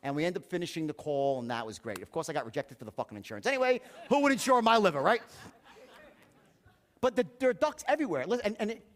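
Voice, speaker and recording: A man's voice: sits high, animated, fast. A man giving a motivational sales seminar, profane and anecdotal, acting out the dialogue in his stories.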